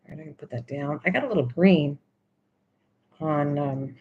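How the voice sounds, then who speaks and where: A woman's voice: low voice, normal speed, muffled recording. An older woman hosting a craft video, chatting casually and teasingly, repeating words over and over while she works.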